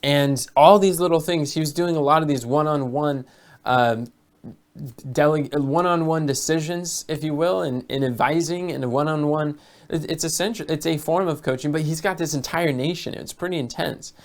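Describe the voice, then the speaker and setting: A man's voice: on the high side, moderate pace. A man talking as a business coach in a casual monologue, telling stories and often repeating or restarting his words. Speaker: business coach for health educators.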